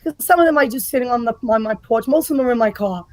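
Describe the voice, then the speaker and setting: Blunt, profane woman, high voice. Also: fast talker, darkish tone, no room sound, low-quality recording. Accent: New York area. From United States. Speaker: guest, political ranter. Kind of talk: casual podcast chat.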